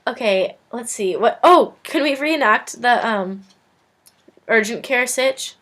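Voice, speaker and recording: A woman's voice: on the high side, expressive, slow pace, fairly bright tone. A young woman telling stories casually to camera in her dorm room, chatty and full of "like", acting out quotes. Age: young adult. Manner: chatty, lots of "like", acts out quotes. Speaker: vlogger.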